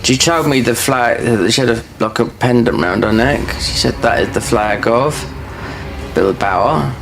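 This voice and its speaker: A man with a gravelly, creaky voice chats while he plays a game. He drifts from story to story in loose, filler-heavy speech, with faint background sound behind him. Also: medium pitch, a little slow, a bit bright, a little hiss or hum. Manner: rambling, full of fillers and restarts. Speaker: gaming streamer. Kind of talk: casual chat while playing a game.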